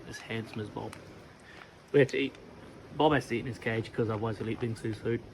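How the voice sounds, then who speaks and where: A man's voice: mid-range voice, fairly quick, creaky, long pauses, slight background noise, rough recording. A man from England doing a casual, self-mocking home cooking vlog, chatting to his dogs between steps. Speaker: cooking vlogger.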